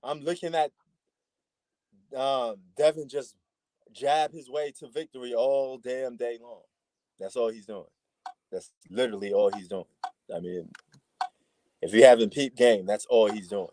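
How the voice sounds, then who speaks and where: A man's voice: medium pitch, a little slow, long pauses, dark tone, dry recording. A man from New York with a New York accent, giving slangy, laid-back live commentary on a boxing match as a stream host. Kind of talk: casual live fight commentary.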